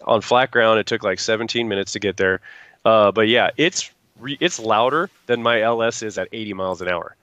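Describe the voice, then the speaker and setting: A man's voice: on the low side, brisk, fairly bright tone, no echo. A man chatting casually as a guest, rambling through stories and acting out what people said. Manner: rambling storyteller acting out quotes. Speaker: guest truck builder. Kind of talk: casual chat.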